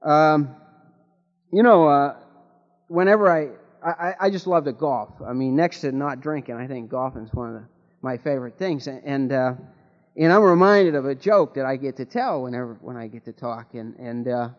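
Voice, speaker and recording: A man's voice: mid-range voice, normal speed. A man telling jokes and stories at a recovery meeting, rambling, with many restarts, in a folksy way. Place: meeting hall with an audience. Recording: dull long-reverb hall recording.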